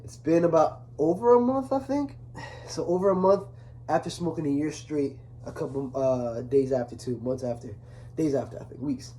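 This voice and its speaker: A young man talking casually to camera, earnest and rambling, full of restarts, growing softer when he speaks of his father. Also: on the high side, moderate pace, a little hiss or hum. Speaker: vlogger. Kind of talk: casual confessional talk to camera.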